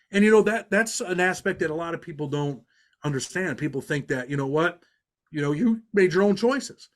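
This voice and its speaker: A man's voice: fairly high pitch, a bit bright. A middle-aged man with a New York accent, a podcast guest telling long stories in an earnest, street-talking way, full of "you know" and restarts. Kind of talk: storytelling in a podcast interview.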